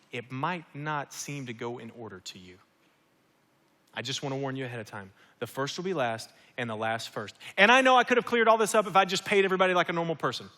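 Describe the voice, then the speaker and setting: A man voicing a gentle, patient Jesus, speaking softly and calmly to a listener in a sermon. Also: on the high side. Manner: soft, calm, reassuring. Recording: long hall reverb.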